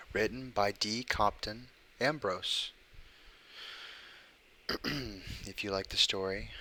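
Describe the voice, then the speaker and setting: A man hosting a livestream, reading short creepy stories aloud and chatting with viewers between them, pausing deliberately between his words. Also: on the low side, pushed and bright, a little hiss or hum. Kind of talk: casual stream reading of short horror stories.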